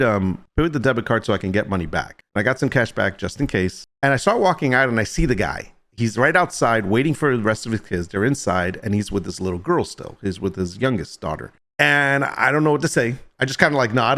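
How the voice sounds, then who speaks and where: A man's voice: lowish voice, a bit bright. A middle-aged man streaming, telling a story to his chat in a rambling way, full of restarts and "I'm like". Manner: rambling, self-interrupting, lots of "I'm like".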